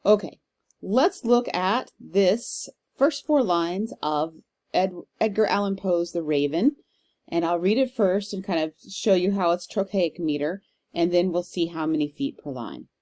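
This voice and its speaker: A woman's voice: lowish voice, a little mellow. Casual woman lecturing on poetic meter. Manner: casual, reads verse aloud with slow stressed rhythm. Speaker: literature instructor.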